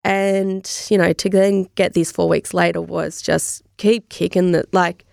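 An Australian woman with a heavily gravelly, creaky voice tells her story as an interview guest. She speaks candidly and with animation, and often acts out remembered conversations. The recording is close and dry. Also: on the low side, flat delivery, measured pace, a little mellow, dry recording.

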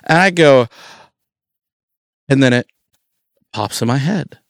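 Gravelly-voiced man telling animated stories. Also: medium pitch, slow, dry recording, studio quality. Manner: animated storyteller acting out quotes, many fillers. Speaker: guest telling a faith story. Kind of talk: casual chat.

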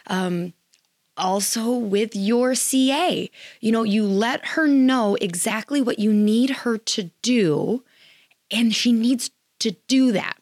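A woman's voice: a little high, slow, darkish tone, dry recording, clean studio sound. A woman hosting a podcast, giving blunt, candid advice in a casual chatty way with plenty of fillers. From Wisconsin, US. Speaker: podcast host advising chiropractors.

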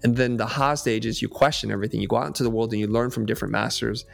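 Brief: male podcast guest, emphatic storyteller, gravelly tone, faint music underneath. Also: medium pitch, fairly even intonation, very fast. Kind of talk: storytelling in conversation.

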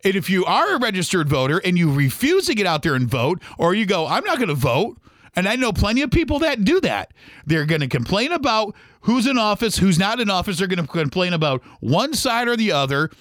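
Fired-up middle-aged male podcaster, high, lively delivery, dry close sound. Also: brisk, no echo. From Michigan, USA. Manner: emphatic and ranting, mimics other people's complaints. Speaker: podcast host. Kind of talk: opinionated solo podcast rant.

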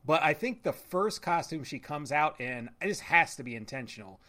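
A man's voice: fairly high pitch, lively intonation, pushed and bright. A man co-hosting a podcast, casually and carefully explaining small details he noticed in a film. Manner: measured, explanatory, detail-minded. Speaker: podcast co-host.

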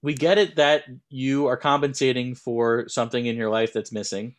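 A man's voice: medium pitch, brisk, hardly any pauses. A young man co-hosting a podcast in casual chat, rambling with many restarts. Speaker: podcast co-host.

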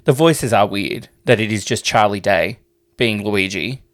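A man's voice: lowish voice, unhurried. A man co-hosting a podcast in casual chat, rambling and hesitant, swearing freely. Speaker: podcast co-host.

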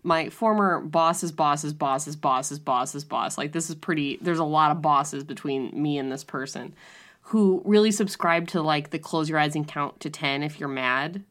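A woman co-hosting a podcast, chatting casually and telling anecdotes. She is wry and quick to criticize, and her voice sits a little low for a woman. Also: a bit bright. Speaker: podcast co-host.

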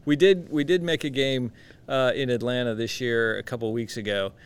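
Smooth-voiced pastor telling a lively story. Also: male voice, mid-range voice, moderate pace. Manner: animated anecdote teller, acts out quotes. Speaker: guest pastor. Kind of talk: casual storytelling chat. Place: conference venue.

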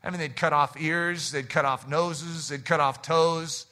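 Bright animated preacher man. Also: a little slow. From United States. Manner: animated preaching, drops low and quiet for acted quotes. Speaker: pastor. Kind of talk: sermon.

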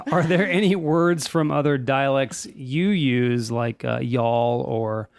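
A man's voice: mid-range voice, takes it slowly, creaky, dry recording. A man hosting a casual podcast chat, reading notes aloud with wry asides. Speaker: podcast host.

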